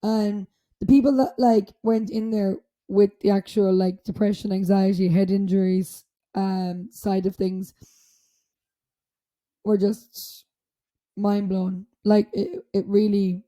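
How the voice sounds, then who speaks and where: A woman's voice: medium pitch, takes it slowly. A young Irish woman co-hosting a podcast, chatting casually with lots of swearing and filler words. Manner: animated, swears freely, many filler "like"s. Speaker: podcast co-host. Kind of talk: casual chat.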